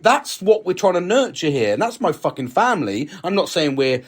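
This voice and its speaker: Sweary British bloke, chatty podcast co-host. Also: male voice, fairly high pitch, very animated, brisk, hardly any pauses. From United Kingdom. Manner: frank, sweary, emphatic. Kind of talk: casual chat.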